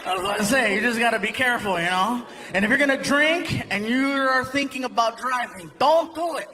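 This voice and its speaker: A male stand-up comedian telling stories on a live stage, animated and shouting his punchlines. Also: very high voice, brisk. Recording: noisy live show with loud crowd.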